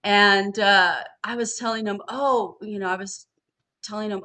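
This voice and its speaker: A woman's voice: mid-range voice, fairly even intonation, a little slow, sharp tone. Blunt, swearing woman chatting. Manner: blunt and swears freely, frustrated storytelling. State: studying for a master's degree. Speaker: podcast panelist. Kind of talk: casual chat.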